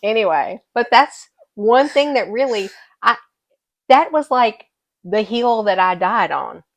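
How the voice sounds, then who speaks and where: A woman's voice: a little high, measured pace, no room sound. A woman co-hosting a podcast, telling stories in casual chat with mock exasperation. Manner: animated storytelling, mock-exasperated. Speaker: podcast co-host.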